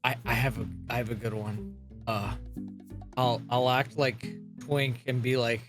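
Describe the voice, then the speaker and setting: A man playing a tabletop game, talking casually in a halting way with restarts. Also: medium pitch, flat delivery, music in the background. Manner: halting, restarts, laughs often. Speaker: player.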